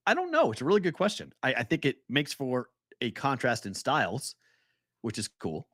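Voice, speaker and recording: A man co-hosting a sports betting podcast in casual chat, animated and laughing as he retells games. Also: medium pitch, normal speed, breathy edge, no echo, clean studio sound.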